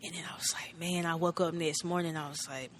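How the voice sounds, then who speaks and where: A woman's voice: low voice, steady tone, fairly quick, a little hiss or hum. A woman in her thirties from North Carolina, a musician guest telling her story in a laid-back way, filling it with "like" and acting out old conversations. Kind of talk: casual storytelling.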